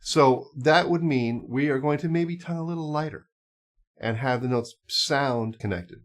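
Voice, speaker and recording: Male music teacher, mid pitch, easygoing explainer with fillers. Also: moderate pace. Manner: relaxed, explains with asides and fillers. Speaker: clarinet teacher. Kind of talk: casual instructional talk.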